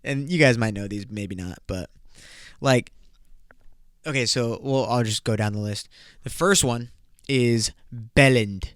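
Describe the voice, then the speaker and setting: A man's voice: medium pitch, unhurried, long pauses, fairly bright tone, no room sound, clean studio sound. A man hosting a podcast in loose, profane, joking casual chat. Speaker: podcast host.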